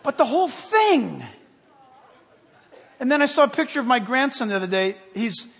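An older man preaching a sermon with fervor, rising loud on key points and dropping quiet. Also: extremely high pitch, very animated, normal speed, some chatter behind. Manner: fervent, swells loud on key points then drops quiet. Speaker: pastor. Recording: long hall reverb.

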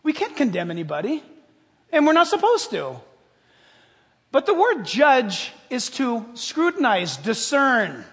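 A man's voice: very high-pitched, measured pace, in a large hall. A male pastor preaching a sermon, talking straight to his congregation with humorous asides. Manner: animated, addresses congregation directly, humorous asides.

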